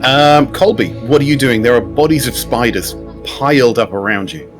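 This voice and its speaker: A man's voice: medium pitch, normal speed, faint music behind. A man running a tabletop game as game master, describing scenes in an easygoing way and asking the players what they do.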